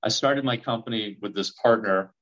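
A man in his forties telling a story in a podcast interview, acting out the dialogue with lively energy. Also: fairly low pitch, normal speed, lo-fi sound. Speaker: real estate investor guest.

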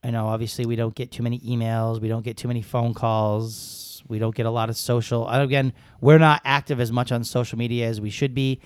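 A man's voice: medium pitch, little pitch movement, fairly quick, hardly any pauses, clean tone, dry recording, clean studio sound. A man co-hosting a casual podcast, rambling and joking as he chats with his co-host.

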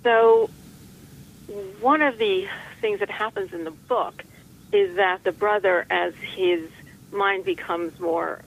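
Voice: medium pitch, expressive, takes it slowly, vocal fry, highs cut off. An author being interviewed, talking in a reflective, rambling way with restarts and dry jokes. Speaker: author guest. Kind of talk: conversational interview.

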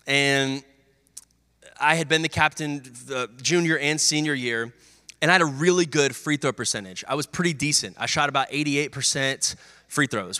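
With a fairly high, sharp-toned voice, a young pastor preaches energetically through sports stories, playing the parts of his coach and teammates. The recording has long hall reverb.

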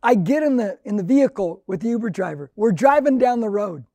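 A man's voice: sits high, animated, fairly quick, mellow, no echo. An older male pastor of Mexican heritage telling a story in a conversational, earnest sermon, acting out the dialogue.

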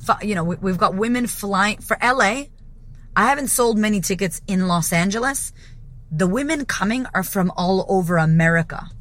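A woman's voice: mid-range voice, animated, moderate pace, a bit bright. A woman, hosting a podcast as a business coach and talking in a passionate solo monologue, emphatic and blunt and swearing freely.

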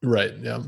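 A man's voice: mid-range voice, creaky, a bit bright. A man co-hosting a podcast in easygoing casual chat, agreeing and laughing along. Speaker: podcast co-host.

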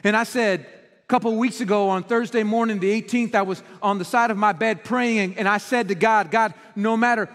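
A pastor with a high-pitched voice preaches straight to his congregation. He is earnest and questioning, and his words ring out through a long, echoing church hall. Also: fairly even intonation, a little fast, fairly bright tone. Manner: earnest, direct address to the congregation with rhetorical questions. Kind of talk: sermon. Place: church auditorium.

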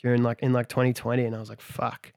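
A man's voice: mid-range voice, completely flat delivery, rapid-fire, a little mellow. A young Australian man with an Australian accent, co-hosting a casual podcast and telling rambling, sweary travel stories. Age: young adult. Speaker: podcast co-host. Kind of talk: casual chat.

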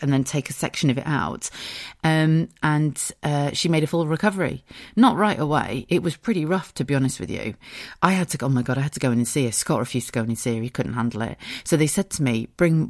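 A woman's voice: deep voice, a little mellow, no room sound. A woman, hosting a podcast and telling a story in casual chat, swearing freely and close to tears. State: tearful, close to crying. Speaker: podcast host.

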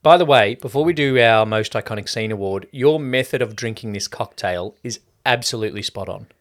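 A man's voice: fairly low pitch, a little fast. A man co-hosting a casual film-review podcast, talking in a loose, joking way with plenty of swearing. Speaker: podcast co-host.

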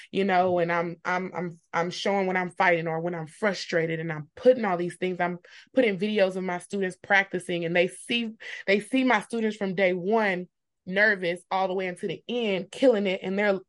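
A woman in her thirties from Texas, a teacher talking as a guest in a casual interview, telling stories with lively acted-out dialogue. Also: fairly low pitch. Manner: animated storyteller who acts out quoted dialogue. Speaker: high school marketing teacher, guest.

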